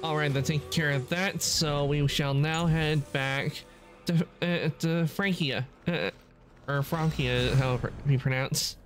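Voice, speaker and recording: A man's voice: fairly high pitch, steady tone, a little slow. Rambling male game streamer. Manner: rambling, with frequent self-corrections. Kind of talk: casual gameplay commentary.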